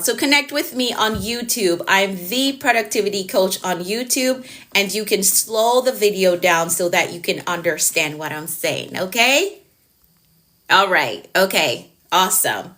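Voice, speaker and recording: A middle-aged woman with a Jamaican accent leads a live coaching stream as a productivity coach. She talks fast and passionately in a mid-pitched voice and speaks directly to her viewers. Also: fairly bright tone.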